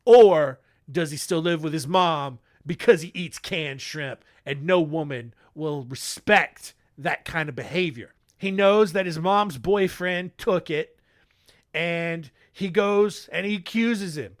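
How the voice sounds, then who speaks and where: A man's voice: fairly high pitch, takes it slowly. A man hosting a podcast, retelling a news story in a rambling, jokey style that keeps interrupting itself. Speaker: podcast host. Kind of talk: comic storytelling.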